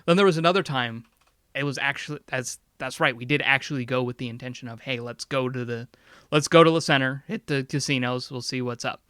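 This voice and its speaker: Smooth, bright-voiced man chatting. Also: medium pitch, a little fast, no room sound, studio quality. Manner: laid-back, rambling, swears casually. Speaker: podcast co-host. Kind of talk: casual chat.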